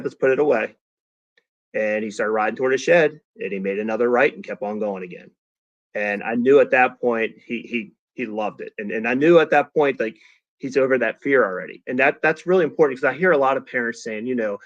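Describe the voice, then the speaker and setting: A man's voice: medium pitch, brisk, no echo. Middle-aged man, podcast guest, storyteller who acts out quotes; dry, dull-ish recording. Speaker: podcast guest, father of a young racer. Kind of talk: casual storytelling chat.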